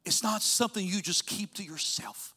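A man preaching a sermon as pastor, telling stories and swinging from loud urging to soft near-whispers. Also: sits high, normal speed, slightly rough.

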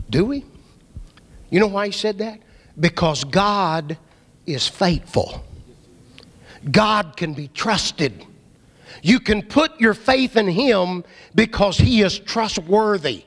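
A man preaching a sermon, dramatic, swinging from loud emphasis to hushed low asides. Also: animated, slow pace. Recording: hall reverb.

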